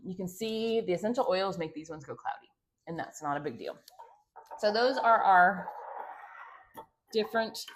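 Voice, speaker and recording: A woman with a slightly low voice talks her viewers through a homemade project in a casual, chatty way. She rambles, drifts into asides and fills her pauses with little hesitations. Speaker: homestead vlogger. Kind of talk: casual how-to chat.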